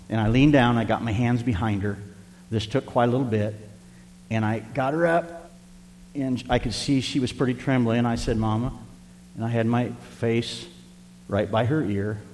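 Older man, church pastor, heartfelt storytelling sermon, mid pitch, long church reverb. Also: a little hiss or hum. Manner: storytelling, tender and earnest, addressing the congregation. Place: church sanctuary.

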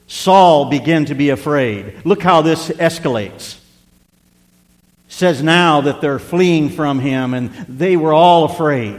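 A man's voice: on the high side, expressive, takes it slowly, big-room sound. A middle-aged male pastor preaching a sermon, emphatic and repetitive, reading scripture aloud.

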